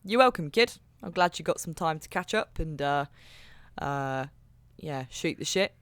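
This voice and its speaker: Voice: medium pitch, lively intonation, unhurried, a bit bright, clear, resonant tone, no room sound. Jokey tabletop player, dry sound. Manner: chatty and jokey. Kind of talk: casual tabletop play.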